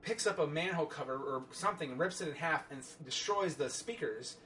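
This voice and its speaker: A man's voice: fairly high pitch, lively intonation, fairly quick, bright, forceful tone, a little hiss or hum. A man giving a casual, rambling and sarcastic film review, full of fillers and restarts.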